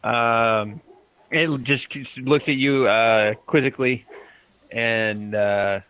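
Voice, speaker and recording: Bright slow-spoken game master. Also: male voice, medium pitch, fairly even intonation, smooth, no room sound, rough recording. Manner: loose and laughing, with frequent fillers. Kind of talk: narrating a tabletop game.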